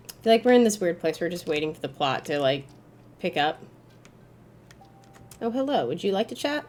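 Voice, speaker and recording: A woman giving gameplay commentary, excitable and swearing freely, breaking into frustrated yells, then calmly explaining in a recap. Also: on the low side, normal speed, creaky, pauses often. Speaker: gaming YouTuber.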